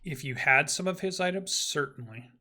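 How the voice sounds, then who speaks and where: A man narrating a tabletop game as game master, talking haltingly, with many ums and restarts. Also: on the high side, bright, forceful tone.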